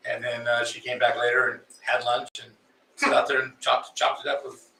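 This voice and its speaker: A man's voice: medium pitch, little pitch movement, moderate pace, creaky, sharp tone. A man co-hosting a casual chat show, telling stories in an easygoing way. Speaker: co-host. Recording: roomy and distant with faint noise.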